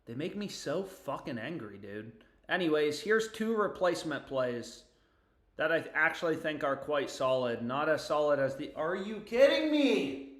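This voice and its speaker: A young man hosting a casual sports betting livestream from home, excitable and quick to swear as he talks to himself and his viewers. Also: on the high side, reverberant.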